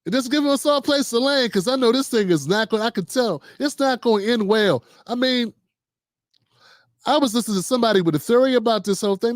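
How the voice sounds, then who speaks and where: A middle-aged man hosts a loose political commentary stream, riffing in slang and slipping into quoted voices. His voice sits high for a man. The sound is dry and close to the mic, with no room around it. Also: fast, dry recording. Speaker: host. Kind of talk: casual political commentary livestream.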